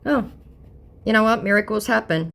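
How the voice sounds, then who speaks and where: A woman's voice: medium pitch, moderate pace, creaky, a bit bright. A woman reading out a chat with a scammer, adding sarcastic, exasperated commentary. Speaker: scambaiter content creator.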